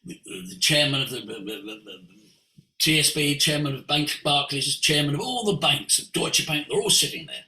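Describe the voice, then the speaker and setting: An older man, a voice coach, tells stories in an expressive way, moving between hushed asides and sudden exclamations. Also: on the high side, normal speed. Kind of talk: animated storytelling. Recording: roomy echo.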